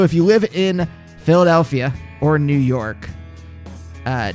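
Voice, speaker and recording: A man hosting a podcast, chatting casually with hesitant restarts and self-deprecating asides. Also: mid-range voice. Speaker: podcast host. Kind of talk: casual interview chat.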